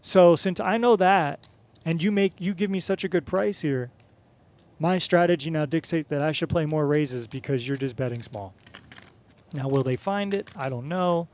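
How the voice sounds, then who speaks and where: A man's voice: on the high side, moderate pace, a little mellow. A man giving live poker commentary in a chatty, coaching manner, explaining strategy as he goes.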